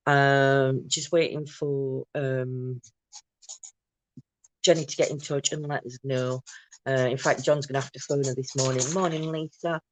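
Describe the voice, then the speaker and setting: A woman hosting a casual morning livestream from home, chatting and greeting viewers by name, quick to burst into a big loud laugh. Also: extremely low pitch, fairly even intonation, no echo. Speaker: livestream host.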